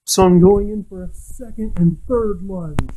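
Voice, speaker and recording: A brash rapier-swinging hero from a tabletop game, cocky and matter-of-fact as he lays out his next attacks, as a man puts him on. The voice sits a little high and unhurried. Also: dark tone, husky, low-quality recording.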